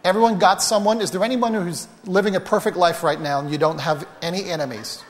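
A man's voice: high-pitched, fairly even intonation, a little fast. Chatty male pastor in a reverberant hall. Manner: conversational, self-deprecating, addresses the congregation directly. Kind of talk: sermon with personal stories.

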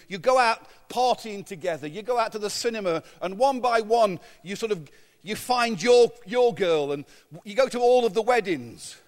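An English man in his fifties preaching a sermon as pastor, telling humorous, self-mocking stories. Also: high-pitched. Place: church. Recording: long hall reverb.

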